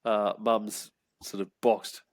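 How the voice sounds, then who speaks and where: A man's voice: on the low side, little pitch movement, slow pace, dry recording. A man with an Australian accent hosting a casual podcast chat, loose and rambling, swearing and laughing freely. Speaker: podcast host.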